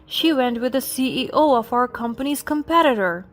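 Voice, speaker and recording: A woman voicing a desperate, broke husband who pleads slowly for forgiveness, with faint music behind. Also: high-pitched, expressive. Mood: pleading.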